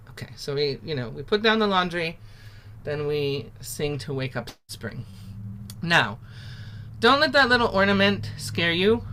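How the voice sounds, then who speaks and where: A woman runs an online singing workshop, talking through the song in a loose, chatty way. Her voice is bright and clear through a video-call mic, and she often stops to sing short phrases as examples. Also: fairly low pitch, slight background noise. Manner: demonstrates sung syllables between spoken explanations; chatty and informal, with many fillers. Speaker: singing teacher.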